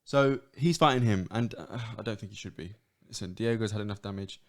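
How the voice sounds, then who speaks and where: A man's voice: on the low side, brisk. A man co-hosting a podcast, bantering casually and calling people "bro". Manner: laid-back banter, says "bro" a lot. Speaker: podcast co-host. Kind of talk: casual chat.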